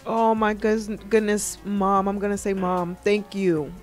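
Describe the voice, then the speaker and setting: A woman's voice: mid-range voice, level tone, measured pace, soft background music. A woman hosting a call-in talk show, affirming her guests and greeting callers. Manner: affirming, warm back-channel. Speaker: host.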